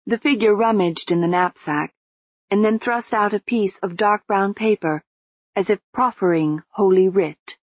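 A woman narrating an audiobook in an even, measured reading. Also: mid-range voice, no room sound, lo-fi sound.

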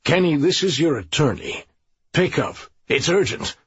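A man voicing a cautious, long-winded male attorney in an audiobook, speaking in an earnest, measured way. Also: a little high, big pitch swings, slightly rough, dry recording, dull audio, voice pushed up, exaggerated voice.

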